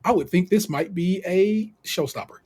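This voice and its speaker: An American man co-hosting a podcast, talking in a loose, slangy, animated way. His voice sits fairly high for a man. He laughs easily as he recaps the show for his listeners. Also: moderate pace, slightly rough. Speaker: podcast co-host. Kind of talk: casual chat recapping a TV show.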